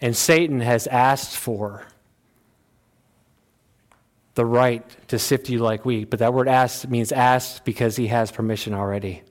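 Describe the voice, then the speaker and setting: A male pastor delivering a sermon in a plain-spoken, folksy way, swinging between loud, high exhortation and quiet, low asides. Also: fairly even intonation, unhurried, long pauses.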